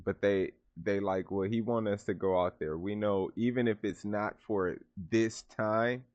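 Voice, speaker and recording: Male reaction host, slangy and keen, low voice, dry lo-fi recording. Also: fairly even intonation, measured pace, a little mellow, no echo. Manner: enthusiastic, slangy, thinks aloud. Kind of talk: casual reaction commentary. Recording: dull lo-fi sound.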